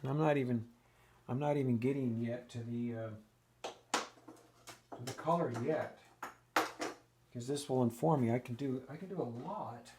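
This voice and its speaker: A man's voice: medium pitch, measured pace, long pauses, noisy background. A man giving a casual oil painting lesson, thinking aloud and restarting sentences as he works at the easel. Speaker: painting instructor.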